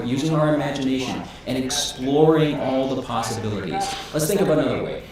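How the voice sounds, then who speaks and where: A man teaching acting in an instructional video, calm and explanatory, asking rhetorical questions. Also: mid-range voice. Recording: echoey room with crowd noise behind.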